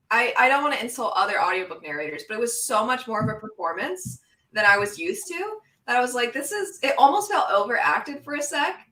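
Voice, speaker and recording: A woman teacher chatting as a podcast guest, animated and quoting her own reactions as she tells a story. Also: mid-range voice, recorded from a distance. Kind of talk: casual chat. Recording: roomy sound from off-mic.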